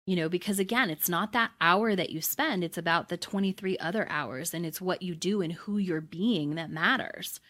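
A woman's voice: on the low side, normal speed, hardly any pauses, a bit bright. A middle-aged woman hosting a podcast, explaining manifesting in a casual, conversational way, often checking in with "right?" and restarting her sentences. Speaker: podcast host and manifesting coach. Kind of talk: casual teaching monologue.

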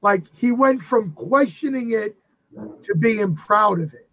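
A man in his fifties, a guest entertainer, telling animated anecdotes in a casual interview with frequent restarts. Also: high voice, a little slow, low-quality recording. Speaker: guest entertainer and tribute performer of a famous singer.

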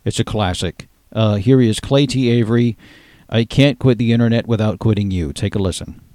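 A man's voice: on the low side, a little fast, dark tone, dry recording, studio quality. A man hosting a comedic interview, gushing enthusiastically over his guest. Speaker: host.

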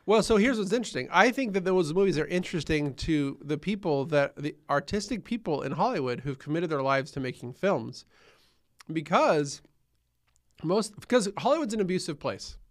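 Emphatic podcast co-host, male, a bit high-pitched, loves to repeat a point. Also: animated, moderate pace. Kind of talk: casual chat.

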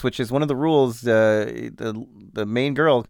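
A man hosting a podcast, casually and jokingly recapping a film, with lots of animated voices. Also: mid-range voice, moderate pace, gravelly, no room sound, studio quality. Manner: chatty, jokey, animated impressions. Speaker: podcast host.

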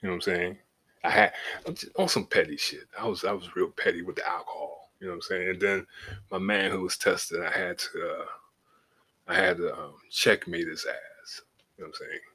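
A man's voice: low-pitched, very animated, moderate pace, vocal fry, pushed and bright, breathy edge. A middle-aged man telling a personal story on a podcast in a loose, profane, laid-back way, often asking "you know what I'm saying". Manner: shifts from laid back to heated as the story builds. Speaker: podcast host. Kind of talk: casual storytelling.

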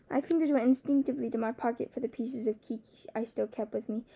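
A woman narrating a first-person novel as an audiobook, in a steady, measured storytelling manner. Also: on the high side, vocal fry, slightly rough, lo-fi sound.

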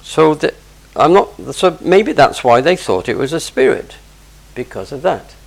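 A man's voice: a little high, big pitch swings, unhurried, vocal fry, poor audio. A man preaching a sermon, explaining scripture verse by verse with conversational asides.

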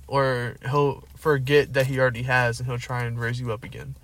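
A man's voice: mid-range voice, little pitch movement, normal speed, fairly bright tone. A young man co-hosting a casual podcast, telling a rambling story full of likes and rights, recorded in a car. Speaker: podcast co-host.

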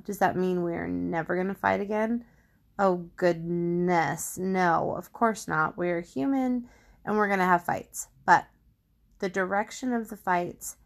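Slow, gravelly-voiced woman podcast host. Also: lowish voice. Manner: candid, reflective storytelling with frequent restarts. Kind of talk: personal faith podcast talk. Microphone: studio microphone.

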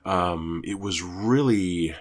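A man co-hosting a casual podcast chat, talking in an animated, profane way and breaking into little acted-out quotes. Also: deep voice, takes it slowly. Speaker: podcast co-host.

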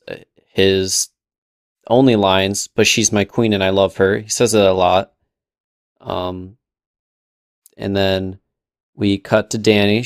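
A young man with a lowish, smooth and resonant voice, recapping a show for a podcast. He rambles loosely, full of ums and sarcastic paraphrases. The sound is dry and close, with no room around it. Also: no room sound. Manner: rambling, with filler and sarcastic quoted asides. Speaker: podcast co-host. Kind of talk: casual recap chat.

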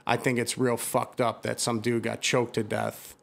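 A man's voice: medium pitch, monotone, moderate pace, vocal fry. A man in casual conversation, telling an angry story full of swearing, restarts and filler words. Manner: heated, profane storytelling with many restarts.

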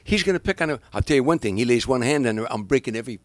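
A man voicing a hot-tempered male nightclub patron who loudly blusters in outrage. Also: mid-range voice, expressive, very fast, no echo, lightly acted. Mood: outraged.

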